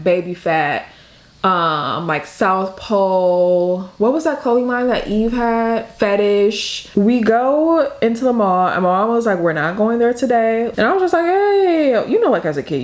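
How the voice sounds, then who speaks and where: A young woman from the Detroit area, chatting through a makeup tutorial while telling a story with lots of "like". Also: mid-range voice. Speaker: beauty vlogger. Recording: echoey room.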